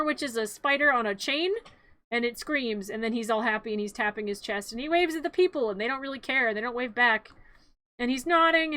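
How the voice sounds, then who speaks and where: A woman's voice: high-pitched, sharp tone, dry recording. A woman streamer casually and comically narrating her own drawings, rambling, giggling and talking back to them.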